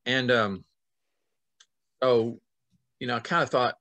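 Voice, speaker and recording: A middle-aged man, an author, telling a story in an animated way, swinging between loud and soft as he acts out the scenes. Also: medium pitch, slow, pauses often, dry recording. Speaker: author guest.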